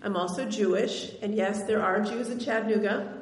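Speaking at a moderate pace with a medium pitch and steady tone, a woman from Tennessee recounts something personal to a live audience. Her delivery is wry and conversational, broken by occasional laughter, and the hall's reverb is noticeable.

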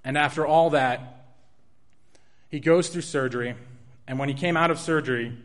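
Man telling a personal story. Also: a little high. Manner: earnest, halting retelling with restarts and soft laughs.

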